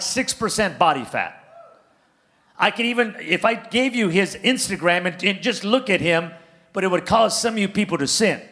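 Male pastor, high and bright, playful storyteller who works the crowd. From California, US. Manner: animated, playful, calls out to congregation. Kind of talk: sermon with comic storytelling.

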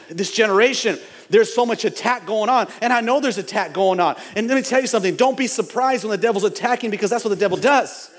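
A man preaching a fiery sermon as pastor in a church, building up to shouts and repeating his phrases. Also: sits high, in a large hall. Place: church sanctuary.

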